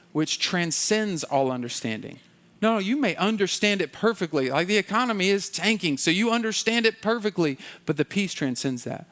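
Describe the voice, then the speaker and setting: A pastor delivers a conversational sermon in a church, tossing in quick acted asides. When he prays, his voice drops low and soft.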